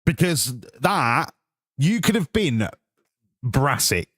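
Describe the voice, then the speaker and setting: A man's voice: medium pitch, very animated, slow pace, a bit bright, breathy edge, dry recording. An English man live-streams a football management game, ribbing his viewers and swearing freely as he chats. His voice sits in a middle range. The sound is dry and close, with no room around it. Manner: swearing, banter with chat. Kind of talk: casual live-stream chat.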